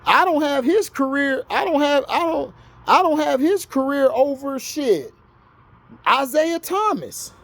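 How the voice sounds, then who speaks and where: A man's voice: very high voice, very animated, measured pace, fairly bright tone. A man from Florida in the US, ranting heatedly about sports to his viewers, argumentative and scolding. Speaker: vlogger. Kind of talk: sports rant to camera.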